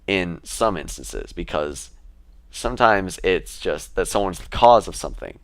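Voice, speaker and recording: A man's voice: deep voice, animated, measured pace, dry recording. A man vlogging in a casual, rambling way, often getting sidetracked. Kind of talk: casual vlog talk.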